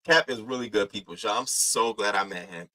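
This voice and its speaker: Bright-voiced young man streaming commentary. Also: on the low side, a little fast, rough recording. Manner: loose, profane, slangy, shouts out chatters. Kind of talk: casual live-stream commentary.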